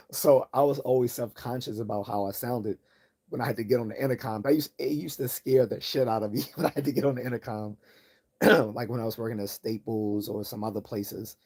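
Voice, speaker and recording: Calm, mellow-voiced man rambling on a livestream. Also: a little fast, husky. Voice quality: calm, low-key voice. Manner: tangent-prone, many restarts and repeated words. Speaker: livestream host. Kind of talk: rambling casual monologue.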